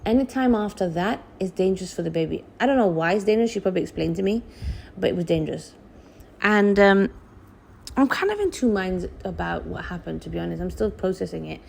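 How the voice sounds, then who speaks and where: A woman recounts her own story in a loose, chatty way, speaking straight to her viewers. Her voice is warm, mellow and gravelly. When she acts out what she said back then, her pitch jumps up high. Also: a little hiss or hum. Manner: animated, reenacts her own past words with big pitch jumps. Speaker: vlogger sharing birth story. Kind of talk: casual storytelling to camera.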